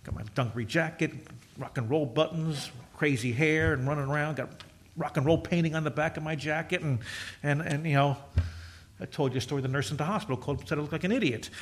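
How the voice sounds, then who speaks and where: Chatty male pastor, slightly high voice. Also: quick pace. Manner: conversational, jokey storytelling with quoted voices. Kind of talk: sermon.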